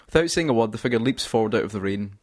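A man's voice: fairly low pitch, lively intonation, darkish tone. A man reading a comic fan story aloud to a co-host, often breaking into laughter. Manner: reads narration briskly, breaking into laughter.

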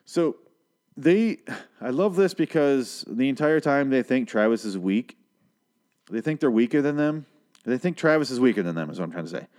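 A man's voice: medium pitch, darkish tone. A man hosting a casual talk show, rambling and swearing heavily as he recaps an episode and interrupts his own sentences. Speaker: podcast host recapping a TV episode. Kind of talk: casual profane chat.

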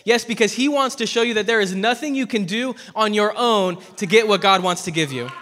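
A young man preaching a sermon at church, telling a personal story earnestly and dropping from loud to hushed. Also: high-pitched, brisk, a little hiss or hum. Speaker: pastor. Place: church hall. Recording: long hall reverb.

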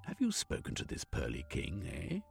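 A man's voice: deep voice, wildly swooping pitch, normal speed, gravelly, faint music behind, full character voice. Man voicing an impatient male revolutionary. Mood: urgent. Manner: pressing, forceful.

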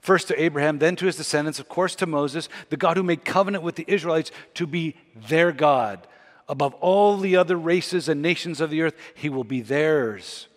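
A man's voice: fairly high pitch, normal speed. A man preaching a sermon as pastor, teaching closely from scripture and building to emphatic peaks. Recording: long hall reverb.

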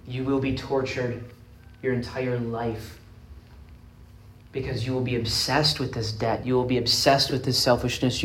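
A man preaching a sermon, retelling a parable in an earnest, emphatic way with dramatic pauses. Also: medium pitch, a little hiss or hum. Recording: roomy echoing space.

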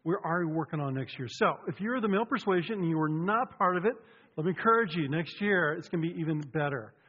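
A man speaking as a pastor, cheerful and joking, telling stories in an animated way. His slightly high voice rings through a big sanctuary with a long reverb. The sound is a bit dull and muffled. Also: fast talker, breathy edge. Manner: chatty, joking, animated storytelling. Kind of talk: casual sermon opening. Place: church sanctuary.

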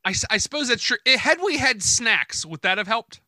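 High bright-voiced upbeat man hosting. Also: animated, a little fast, dry recording. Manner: upbeat, joking, with many fillers and restarts. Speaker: podcast host. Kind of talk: casual podcast chat. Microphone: remote call.

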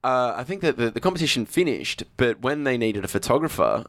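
A man in his forties, a former music TV presenter, telling animated stories as an interview guest and acting out quoted voices. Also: a little fast, no echo. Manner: animated anecdotes, acts out quoted voices with big pitch jumps. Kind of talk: casual storytelling.

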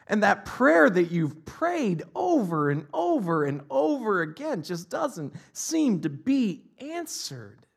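A male pastor preaching a sermon, swinging between loud impassioned cries and hushed, almost whispered lines. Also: sits high, very animated, slow pace, gravelly, hardly any pauses, slightly rough.

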